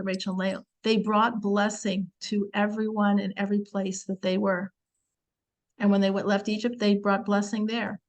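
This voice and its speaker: A woman teaching the weekly Torah portion in a chatty, animated way, acting out quotes and using many fillers. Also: mid-range voice, low-quality recording.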